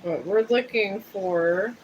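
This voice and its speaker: Male tarot reader on a livestream; high-ish voice, rambling and chatty, laid-back. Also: takes it slowly, muffled recording, noisy background. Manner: rambling and chatty, drifting between topics. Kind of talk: casual livestream chat. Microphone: streaming setup.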